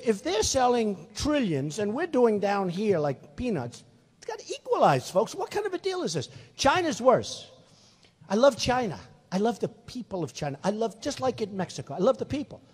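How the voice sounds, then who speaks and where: A man's voice: sits high, darkish tone, breathy edge. A man in his sixties giving a rambling, repetitive, emphatic rally speech in a large venue. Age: 60s. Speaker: political candidate. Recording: reverberant hall.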